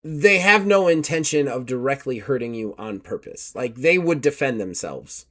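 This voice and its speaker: A man's voice: medium pitch, lively intonation, moderate pace, a bit bright. A man narrating a tabletop horror game as game master, casual and full of fillers. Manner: casual, lots of fillers, laughs easily.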